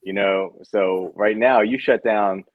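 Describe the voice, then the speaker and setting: A man's voice: lowish voice, slow, no echo, narrow, tinny audio. A man co-hosting a podcast, talking casually and matter-of-factly about sports with his friend. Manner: relaxed, matter-of-fact sports talk. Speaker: podcast co-host. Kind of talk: casual chat.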